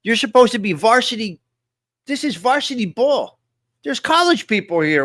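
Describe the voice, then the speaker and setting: A man's voice: very high-pitched, sing-song, normal speed, a bit bright, no room sound, clean studio sound. A man hosting a casual live-stream chat, talking to viewers and repeating his points with emphasis. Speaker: host.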